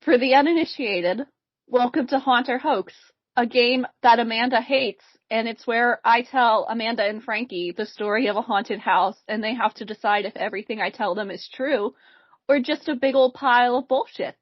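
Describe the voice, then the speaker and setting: A woman host opens her podcast segment with a dry, wry delivery. Her voice sits a little high for a woman. The recording is dull and dry, with no room. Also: normal speed, no room sound. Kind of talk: casual chat with segment intro.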